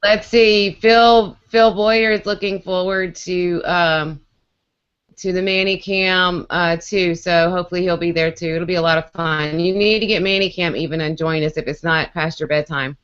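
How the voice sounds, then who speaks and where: A woman's voice: lowish voice, steady tone, normal speed, a bit bright, smooth. A woman co-hosting a casual video-call chat, talkative and playful, laughing often. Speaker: co-host. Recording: muffled lo-fi video-call audio.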